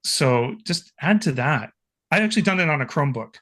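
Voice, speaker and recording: A man with a slightly raised voice walks through a live software demo, enthusiastic and chatty. He talks over a video call, filling his thoughts with casual asides. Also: fairly high pitch, lively intonation, a little fast. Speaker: guest expert.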